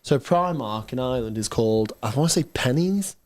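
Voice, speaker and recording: A man's voice: mid-range voice, expressive, a little mellow. Chatty young man co-hosting. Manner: chatty, quick agreeing "yeah, yeah". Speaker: co-host of a football watchalong stream. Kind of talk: casual chat.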